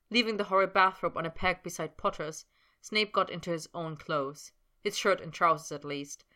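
A woman narrating a work of fiction as an audiobook, in a steady storytelling manner. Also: on the low side.

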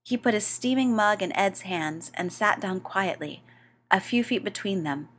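A woman reading a story aloud as narrator, with a wry, expressive delivery. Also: mid-range voice, moderate pace.

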